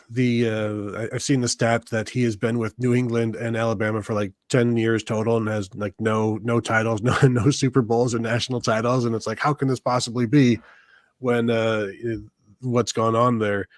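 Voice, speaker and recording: A man's voice: medium pitch, little pitch movement, normal speed, no room sound. Male podcast host, casual and rambling, dry recording. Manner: rambling, many fillers and restarts. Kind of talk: casual live podcast chat.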